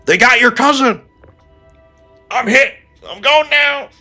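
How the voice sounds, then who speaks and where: A man voicing a panicked male soldier in a working-class English accent, shouting frantic combat callouts. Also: very high-pitched, takes it slowly, soft background music, pitched above the performer's own voice, full character voice. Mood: panicked yelling.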